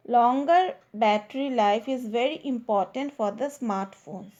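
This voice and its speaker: A woman teacher giving a grammar lesson, speaking deliberately and stressing the key words as if dictating to students. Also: on the high side, mellow.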